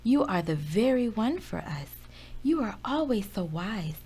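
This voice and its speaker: A woman voicing a gentle, caring mother bear in a storybook reading. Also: mid-range voice, big pitch swings, measured pace, slightly rough.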